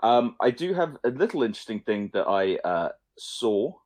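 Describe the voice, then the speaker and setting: A man's voice: mid-range voice, sing-song, moderate pace, a little mellow, no room sound, clean studio sound. A young man co-hosting a casual film-news podcast, rambling, swearing lightly and often abandoning sentences halfway. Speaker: podcast co-host.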